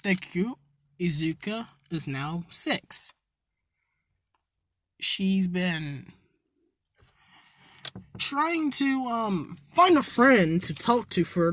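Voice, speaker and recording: A woman telling an improvised fan story in a rambling, profane way with joking asides. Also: mid-range voice. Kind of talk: improvised casual story narration.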